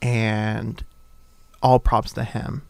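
A man's voice: lowish voice, little pitch movement, extremely slow, vocal fry, darkish tone, smooth, dry recording. A young man hosting a talk show, bantering playfully and gushing over his guests. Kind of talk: casual banter.

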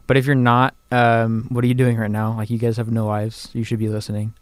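A young man, the show's producer, teasing the host in a deadpan way. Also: medium pitch, fairly quick, no room sound. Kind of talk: casual banter.

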